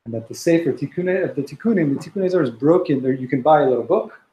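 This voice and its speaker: A man's voice: on the high side, expressive, racing, warm tone, roomy sound, low-quality recording. A man teaching a text study class, reading Hebrew passages aloud and explaining them with frequent restarts. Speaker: Torah teacher.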